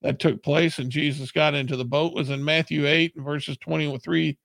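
A man's voice: fairly high pitch, steady tone, moderate pace, vocal fry, fairly bright tone, dry recording. A man preaching a sermon in an earnest, plain-spoken way.

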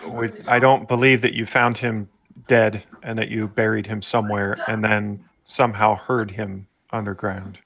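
Flat, gravelly man interrogating in character. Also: on the low side, normal speed, muffled recording. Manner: blunt, interrogating. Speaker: player. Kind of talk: in-character role-play.

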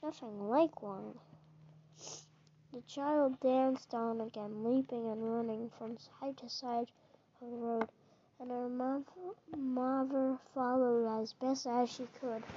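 A woman reads a children's book aloud in a gentle storytelling manner, now and then stumbling over a word and restarting it. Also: high-pitched, slight background noise. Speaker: narrator. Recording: dull lo-fi recording.

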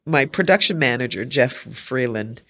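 Animated woman artist telling stories. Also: a bass voice, normal speed. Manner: animated storyteller, acts out quoted voices. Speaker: artist guest. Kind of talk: interview conversation.

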